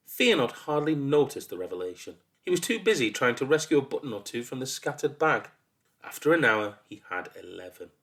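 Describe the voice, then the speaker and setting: Man reading a folk tale. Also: medium pitch. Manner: lively, expressive. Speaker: storyteller. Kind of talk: storybook reading.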